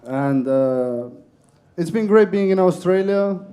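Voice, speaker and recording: Slow Estonian-accented stand-up comic. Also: male voice, sits high. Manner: deadpan, self-mocking. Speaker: stand-up comedian. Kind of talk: stand-up set. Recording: live comedy club room.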